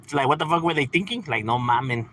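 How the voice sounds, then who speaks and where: A man's voice: mid-range voice, lively intonation, fast, bright, forceful tone, rough recording. A man in his thirties from California, talking casually on a livestream in a laid-back, slangy way and laughing often. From San Fernando Valley, California. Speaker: livestream host.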